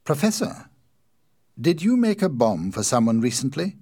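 A man's voice: mid-range voice, sing-song, normal speed, warm tone, breathy edge, dry recording, studio quality, voice pushed up. A man doing an indignant, agitated anarchist. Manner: urgent, indignant, pressing. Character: agitated, angry male anarchist.

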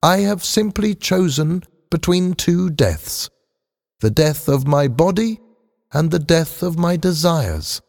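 Male reader as a calm, earnest robot, storybook, pitched above his own voice, slow and lively, big hall echo. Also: vocal fry, exaggerated voice. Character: robot who wants to be human, calm and earnest.

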